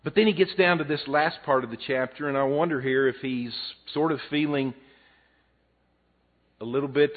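A man's voice: mid-range voice, steady tone, moderate pace. A middle-aged man preaching a sermon in a folksy, conversational way, mixing scripture and jokes. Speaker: pastor. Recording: phone-like narrow sound.

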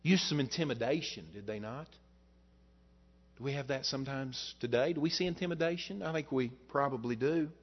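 Male preacher, sermon delivery, rhetorical questions, rising and dropping loudness, mid-pitched, slightly muffled recording. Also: brisk, slightly rough. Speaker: pastor.

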